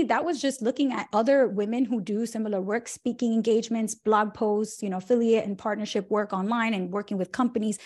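Animated woman giving business advice. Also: on the high side. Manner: animated, acts out quoted dialogue. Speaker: story-sharer at a town hall. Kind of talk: motivational talk on business.

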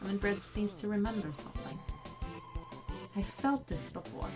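A woman's voice: mid-range voice, lively intonation, moderate pace. A young woman playing a video game, reading on-screen text aloud between startled reactions. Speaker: let's play gamer. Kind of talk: let's play commentary. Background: game music.

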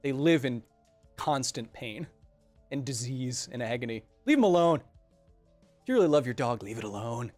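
A man's voice: mid-range voice, moderate pace, dry recording, faint music behind. A young man hosting a casual science livestream, reading viewer comments aloud and explaining terms with jokes. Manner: animated, joking, explains terms as he reads.

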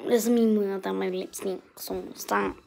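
A woman playing a bratty, self-absorbed young vlogger who talks in a whiny, petulant, deliberately clueless way. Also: medium pitch, fairly even intonation, vocal fry, darkish tone, soft background music, close to an everyday voice. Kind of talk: comic character vlog.

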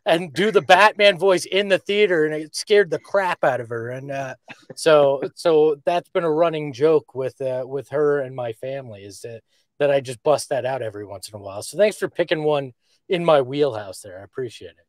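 Male podcast host, loose and jokey banter, a bit high-pitched, dry mic. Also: moderate pace, no echo. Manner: jokey, does character voices. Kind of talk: casual sports chat.

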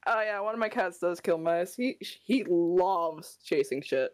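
A woman's voice: fairly low pitch, lively intonation, a little slow, darkish tone, no room sound. A woman on a call, chatting casually about her cats, easygoing and giggly. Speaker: cat owner guest on the call.

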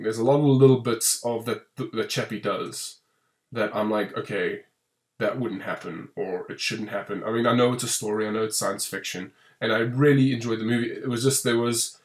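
A man, co-hosting a casual film review and talking in long, restarting runs that grow animated when he complains. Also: mid-range voice. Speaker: podcast co-host reviewing a film.

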